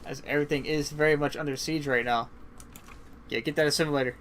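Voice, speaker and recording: A man giving casual, chatty play-by-play commentary on a strategy game match, swinging into excited bursts, and sounding tired. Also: fairly high pitch, fast talker, a little hiss or hum. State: yawning, tired. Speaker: esports caster.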